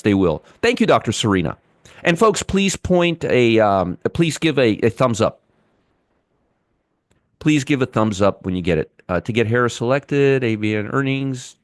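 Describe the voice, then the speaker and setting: A man's voice: mid-range voice, dry recording. A man hosts a live trading stream, talking markets in a loose, chatty way and greeting viewers by name as he goes. His voice sits in an ordinary middle register. It is recorded close and dry, with no room sound. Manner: chatty, answers viewers by name, frequent restarts.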